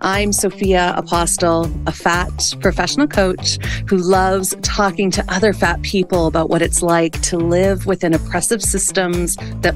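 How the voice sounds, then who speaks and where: Emotional woman podcast host. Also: on the low side. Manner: emotional, gushing, laughs often. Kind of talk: warm podcast interview.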